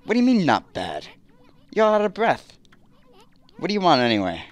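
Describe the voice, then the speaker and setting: A man's voice: high voice, huge pitch swings, normal speed, pitched above the performer's own voice. A man voicing a tiny, brash male wandering artist who talks in a blunt, mocking way.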